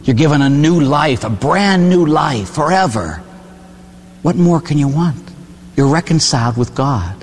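A priest giving a conversational sermon, asking questions of the listeners and often tagging lines with "huh?". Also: male voice, a little high, animated, unhurried. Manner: conversational preaching with tag questions. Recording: hall reverb with faint hum.

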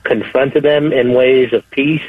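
A man calling in to give a testimony, speaking haltingly and repeating his words. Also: medium pitch, steady tone, dry recording. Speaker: caller. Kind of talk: phone-in testimony. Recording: tinny dry phone line.

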